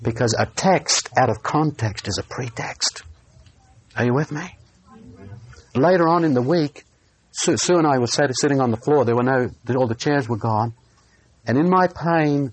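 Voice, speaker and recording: A man preaching a sermon, telling a personal story in an earnest way and slowing down on key phrases. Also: medium pitch.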